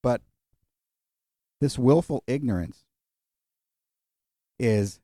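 A middle-aged male pastor preaching a sermon and closing in prayer, folksy and animated, acting out little quotes and jokes. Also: mid-range voice, moderate pace, long pauses, dry recording, studio quality.

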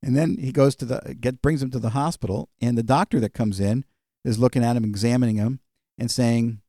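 A man's voice: medium pitch, lively intonation, a little fast, darkish tone, no room sound, clean studio sound. A male pastor preaching in a conversational storytelling way, with frequent fillers. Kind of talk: sermon.

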